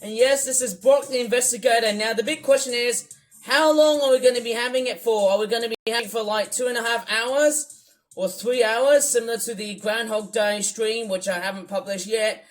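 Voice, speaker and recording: A man from the UK rambling through a livestream commentary, wordy and repetitive, swinging between loud bursts and low mutters. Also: fairly even intonation, brisk, low-quality recording. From United Kingdom. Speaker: YouTuber. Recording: faint music under the voice. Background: music playing.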